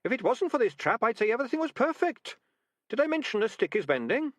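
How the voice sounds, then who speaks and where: A man doing a chirpy plump rat, high and squeaky. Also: big pitch swings, fast talker, a bit bright, dry recording, full character voice. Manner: chirpy and unflappable. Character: plump cheerful male tap-dancing rat.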